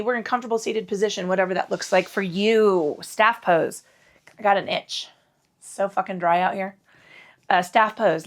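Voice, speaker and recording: A middle-aged woman teaching a casual yoga class, rambling, swearing freely and joking at her own expense. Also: medium pitch. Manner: rambling, profane and self-deprecating. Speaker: yoga instructor. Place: indoors at home.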